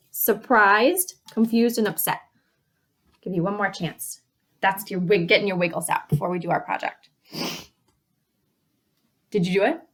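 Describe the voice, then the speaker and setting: A woman teacher reading a picture book to young children, acting out each feeling with gasps, sighs and shouts. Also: medium pitch.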